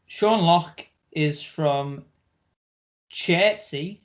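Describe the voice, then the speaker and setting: Young guy cohost, bit higher voice, teasing, rambles w lots of likes. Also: very slow. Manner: teasing, rambling with many fillers. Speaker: podcast co-host. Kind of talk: casual chat.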